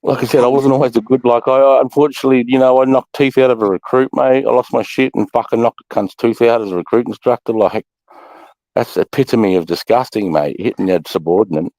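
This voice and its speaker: An Australian man in his thirties telling rough army stories in casual chat, swearing constantly and loudly mimicking people. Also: medium pitch, steady tone, fast talker, no echo. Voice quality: coarse, swears constantly, loud impersonations. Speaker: podcast co-host, ex-army instructor.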